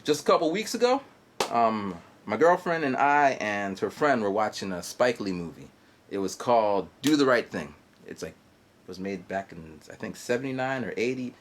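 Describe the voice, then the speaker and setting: A man in his forties rambling through a story on his video blog. His pitch leaps up and down as he talks. He stops and restarts often, fills the gaps with ums, and adds mouth sound effects. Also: a bit bright. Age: 40s. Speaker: vlogger. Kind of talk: rambling monologue. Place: guest house in Japan.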